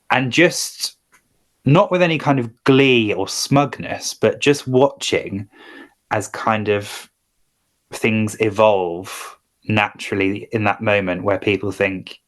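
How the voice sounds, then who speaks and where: A man's voice: fairly low pitch, a little slow. A man appearing as a podcast guest, speaking in a reflective, thoughtful way about his experiences. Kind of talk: casual podcast chat.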